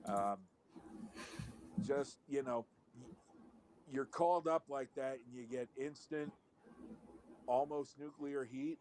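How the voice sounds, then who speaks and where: Man, casual chat, wry and rambling, swears casually, mid-pitched voice. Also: slow pace, long pauses, a little mellow, a little hiss or hum.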